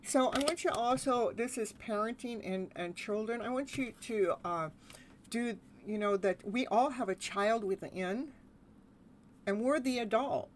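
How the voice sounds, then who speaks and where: A woman's voice: fairly high pitch, unhurried, slight background noise. A woman giving a live tarot reading, chatty and laughing often as she talks. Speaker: tarot reader.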